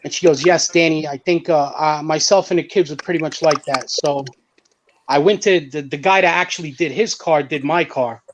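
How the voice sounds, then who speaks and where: A man guesting on a casual car podcast tells a story at a moderate pace, with a little hiss or hum on the audio. He's animated and swears freely, acting out what others said in a higher voice.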